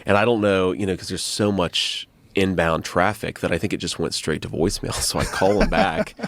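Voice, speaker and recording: A man's voice: deep voice, steady tone, normal speed, a bit bright. A man guesting on a podcast, telling stories in a casual way and often breaking into laughter. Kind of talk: casual storytelling.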